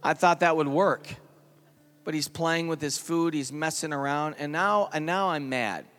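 A man in his thirties, a worship leader, telling a personal story in earnest and dropping to a hushed tone at emotional points. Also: a little high, normal speed. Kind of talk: storytelling sermon at a worship service. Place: large worship hall. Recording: live hall reverb with guitar music.

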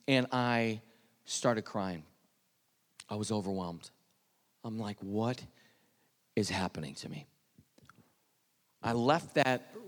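A man giving an earnest personal testimony, dropping to a hush at the tense moments. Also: on the high side, long reverb tail. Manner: earnest storytelling, drops to hushed tones at tense moments. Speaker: speaker telling his testimony.

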